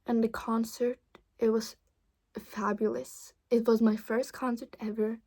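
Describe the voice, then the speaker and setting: Slow, gravelly teenage girl vlogging. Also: fairly high pitch, flat delivery, dark tone. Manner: rambling, hesitant, many fillers and restarts. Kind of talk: casual chat.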